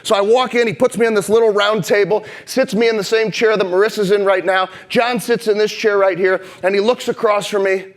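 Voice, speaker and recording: A man in his thirties from St. Louis, delivering a motivational keynote on stage and telling stories with swings from heated and loud to hushed and slow. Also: high voice, fairly even intonation. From St. Louis, Missouri. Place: conference stage before a live audience.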